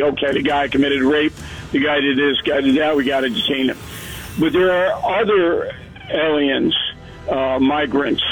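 A man's voice: on the high side, fairly bright tone, rough recording. A man giving talk radio commentary, emphatic and laying out his points one by one. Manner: emphatic, lays out points in lists.

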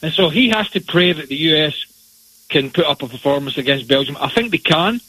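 A man delivers blunt, opinionated soccer analysis in a forceful, bright voice. There is a slight huskiness to it, and the sound is dry and close. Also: fairly high pitch, lively intonation, a little fast, breathy edge, no room sound, low-quality recording. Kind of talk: radio sports analysis.

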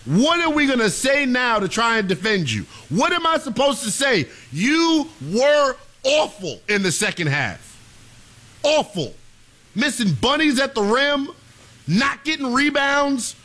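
A man's voice: very high-pitched, big pitch swings, a little slow, sharp tone. A young man co-hosting a sports talk show, ranting in an exasperated, emphatic way.

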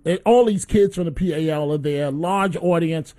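Host, male, fairly high voice, lively storyteller on radio. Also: normal speed. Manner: animated storyteller.

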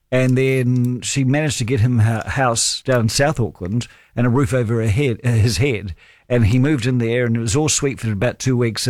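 A man's voice: mid-range voice, no room sound, studio quality. A man, hosting late-night talkback radio in a chatty, encouraging way, telling stories. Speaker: fill-in talkback radio host.

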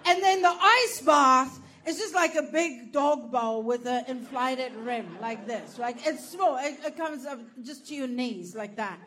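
A woman's voice: a little high, fairly bright tone, a little hiss or hum. A woman telling a brash, profane, self-mocking stand-up story, laughing through her lines. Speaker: stand-up comedian.

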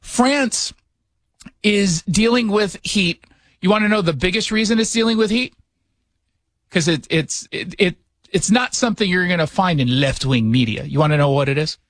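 A man's voice: high voice, moderate pace, a bit bright, no room sound. A middle-aged man hosting a radio talk show in his studio, chatting casually with sarcastic jokes and rhetorical questions. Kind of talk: casual political commentary chat. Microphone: studio mic.

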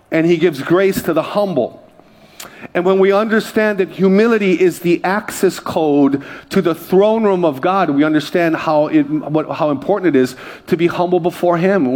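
A man's voice: high-pitched, darkish tone, big-room sound. A pastor from Hawaii preaching a sermon, joking with the congregation in a conversational way and often restarting his sentences. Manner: jokey, conversational, with frequent restarts. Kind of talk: sermon with storytelling. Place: church service before a congregation.

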